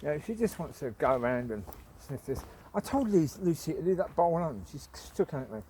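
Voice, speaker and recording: A man's voice: fairly high pitch, sing-song, a little fast, mellow, slight background noise. A man chatting casually on a walk outdoors in a village, calling commands to his dogs and cooing at puppies. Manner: coos affectionately at dogs and puppies. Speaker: vlogger walking his dogs. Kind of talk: casual walk-and-talk chat.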